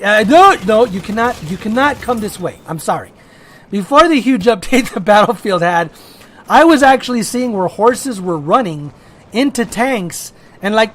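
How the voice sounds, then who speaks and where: A man's voice: high-pitched, a bit bright. A man giving casual gameplay commentary, rambling and joking as he restarts his sentences. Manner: rambling, self-interrupting, jokey. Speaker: gaming video creator.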